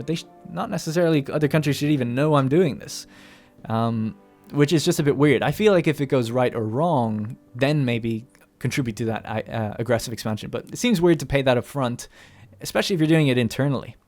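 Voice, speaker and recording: A man hosting a let's play, chatting casually about his strategy game as he plays, thinking out loud and cursing now and then. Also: medium pitch, brisk, faint music behind. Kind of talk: casual gameplay commentary.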